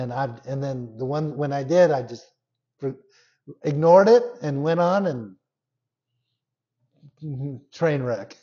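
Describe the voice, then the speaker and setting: A man preaching a sermon at an unhurried, deliberate pace, his fairly high voice swinging between hushed, intense passages and loud, emphatic bursts. The recording sounds slightly dull and lo-fi. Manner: expressive preaching, drops to soft intense lows and rises to loud emphatic peaks. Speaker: pastor.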